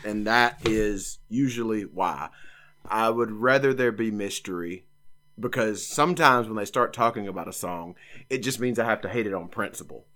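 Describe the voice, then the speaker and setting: A man's voice: on the low side, normal speed. A man co-hosting a podcast, chatting casually and joking. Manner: animated, joking. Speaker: podcast co-host. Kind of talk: casual chat.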